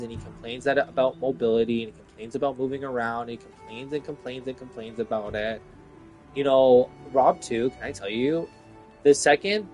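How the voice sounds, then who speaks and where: A man's voice: medium pitch, a little mellow. A man in a casual, profane rant about his workplace, exasperated and rambling, with lots of fillers. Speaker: vlogger venting about work.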